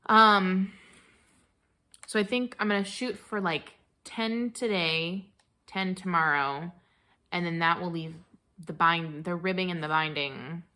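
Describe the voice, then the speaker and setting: Woman, knitting vlogger, chatty, gushing, unhurried, bright voice. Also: on the low side. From American Midwest. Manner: chatty and gushing, many fillers and restarts. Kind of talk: casual chat.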